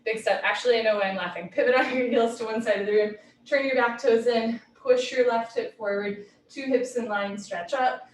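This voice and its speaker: A woman teaching a live yoga class from home, giving brisk, clipped posture cues with a light, playful touch. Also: a little high, fairly even intonation, slight background noise. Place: home room. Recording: roomy echo, heard from a distance.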